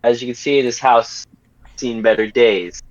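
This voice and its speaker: A man's voice: medium pitch, steady tone, normal speed, highs cut off, close to an everyday voice. A man playing a commanding male gang boss in a tabletop game, stern and threatening, correcting himself as he goes. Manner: stern, rambling, with self-corrections.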